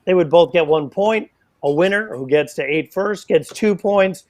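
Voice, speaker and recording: Male darts play-by-play caller, slightly raised pitch, excitable, jokey, self-deprecating. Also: moderate pace. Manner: excitable, playful, self-mocking asides. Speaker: darts commentator. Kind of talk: live sports play-by-play commentary.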